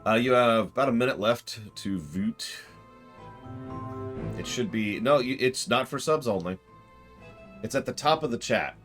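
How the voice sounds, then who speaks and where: A man streaming a game, chatting casually with viewers in a sarcastic, excitable way and swearing now and then. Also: mid-range voice, unhurried, long pauses, soft background music.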